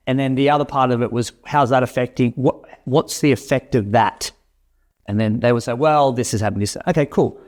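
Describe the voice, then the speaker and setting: A man's voice: mid-range voice, a little mellow. A man leading a sales coaching session, talking energetically and often restarting and repeating his words.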